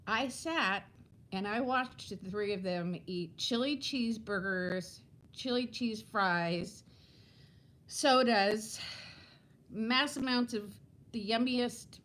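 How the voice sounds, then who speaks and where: A woman in her fifties chatting to viewers on a live stream from home, greeting them by name and telling a story in a warm, gushing way. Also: mid-range voice, rough recording. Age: 50s. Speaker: vlogger hosting a live stream.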